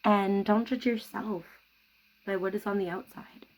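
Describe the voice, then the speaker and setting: A woman giving a tarot reading to camera at home, speaking softly and reassuringly. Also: medium pitch, steady tone, a little slow, poor audio. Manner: soft-spoken, gentle and reassuring. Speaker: tarot reader.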